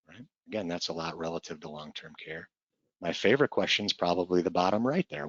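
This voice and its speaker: A middle-aged man with a deep, low voice talks earnestly and reflectively, coaching fellow advisors and often asking rhetorical questions. The recording is dry and a little muffled, with no room sound. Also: big pitch swings, fast talker, fairly bright tone, no echo.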